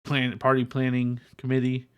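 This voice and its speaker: A man's voice: mid-range voice, monotone, moderate pace, clean tone. Easygoing man chatting on a podcast. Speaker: podcast co-host. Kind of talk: casual chat.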